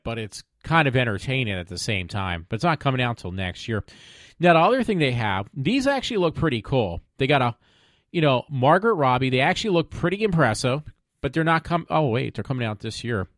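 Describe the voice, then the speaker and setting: A man talks casually into a desk microphone at home, hosting his own show with a middle-pitched voice. He rambles, trails off and drops in sarcastic, mock-pleading asides. The sound is dry and close with no room echo. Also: big pitch swings, normal speed, fairly bright tone. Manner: rambling, many fillers and trailing off. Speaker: podcast host. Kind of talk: casual solo web show chat.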